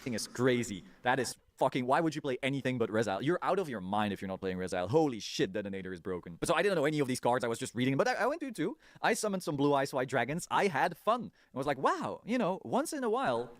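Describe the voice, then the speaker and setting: A man telling a casual vlog story in an animated way, laughing often and swearing freely. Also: mid-range voice, quick pace, few pauses, no echo, clean studio sound. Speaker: video creator.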